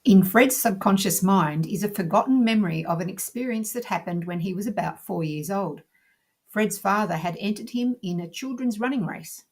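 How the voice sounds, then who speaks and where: A woman teacher calmly narrating a scripted lesson in a measured, explanatory way. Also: medium pitch, slightly rough.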